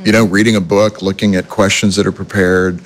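A man's voice: deep voice, little pitch movement, fairly quick. A male host in casual conversation, chatty with folksy asides. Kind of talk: conversational interview.

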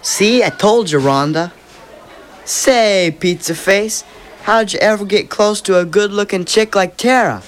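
A woman's voice: medium pitch, unhurried, close to an everyday voice. A woman voicing a blunt, scornful schoolboy bully.

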